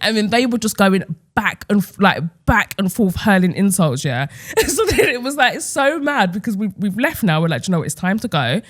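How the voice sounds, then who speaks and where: A woman's voice: medium pitch, very animated, normal speed, few pauses. A young woman, co-hosting a podcast and telling stories in casual chat, full of "like" and "yeah". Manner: chatty storyteller, lots of "like" and "yeah". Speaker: podcast co-host.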